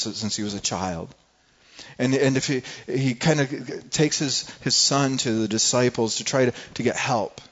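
A male pastor preaching a sermon in an earnest way, often repeating words as he searches for the next one. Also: medium pitch. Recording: dull lo-fi recording.

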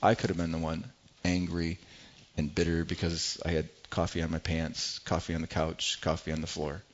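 Middle-aged pastor guy preaching, kinda low voice, earnest, stumbles over repeated words, dull lo-fi sound. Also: completely flat delivery, moderate pace. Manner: earnest, repeats words when building a point. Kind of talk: sermon.

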